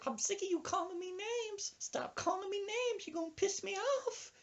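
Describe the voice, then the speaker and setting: A man voicing a feisty, hot-tempered older woman in a shrill shrieking falsetto, drawing out her threats. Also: normal speed, fairly bright tone. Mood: indignant.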